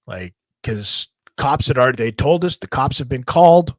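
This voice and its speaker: A man hosting a podcast, telling a long story in a rambling, profane, animated way. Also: medium pitch, moderate pace, dry recording. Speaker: podcast host. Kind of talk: casual storytelling.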